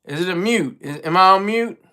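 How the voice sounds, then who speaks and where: A man's voice: high-pitched, animated, normal speed, sharp tone. A man chatting casually on a livestream from home, rambling and self-deprecating, with many restarts. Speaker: livestream co-host and regular caller.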